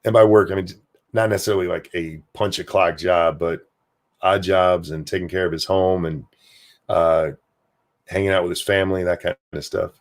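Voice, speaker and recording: A man hosts a casual home livestream, his lowish voice keeping a steady tone at a moderate pace. Rambling and profane in an offhand way, he reads viewer comments aloud and replies loosely, without a script.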